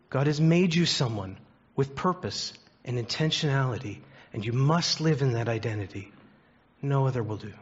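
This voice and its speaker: A man preaching a sermon as pastor, earnest and deliberate, slowing down on key phrases and ending in prayer. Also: medium pitch, slightly rough, highs cut off.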